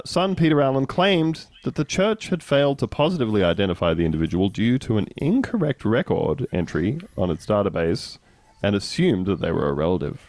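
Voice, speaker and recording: Lively man chatting on a podcast. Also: dry recording. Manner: laughs often, drops low and dry for asides. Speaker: podcast co-host reading out a news story. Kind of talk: casual comedic chat.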